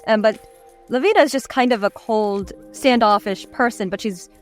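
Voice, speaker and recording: A woman talking as a voice actor guest on a podcast, enthusiastic and quick to laugh. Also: fairly high pitch, soft background music. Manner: enthusiastic, laughs often, trails off. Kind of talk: casual podcast chat.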